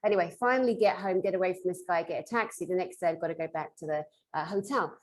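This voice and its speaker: A woman, a conference panelist, telling a lively personal story over a video call, swinging between loud and hushed delivery. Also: fairly low pitch, quick pace, low-quality recording.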